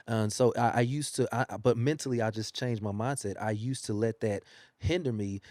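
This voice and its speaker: Animated male singer, dry close sound. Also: on the low side, fairly quick, no room sound. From United States. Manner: animated storytelling, laughs often. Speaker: singer and guest. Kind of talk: casual interview. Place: newspaper studio.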